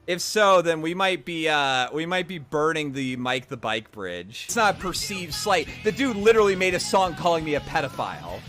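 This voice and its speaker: Man, indignant streamer in a clip; high, bright, lively pitch. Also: moderate pace, few pauses, soft background music. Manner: indignant, defensive. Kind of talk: live-stream talk.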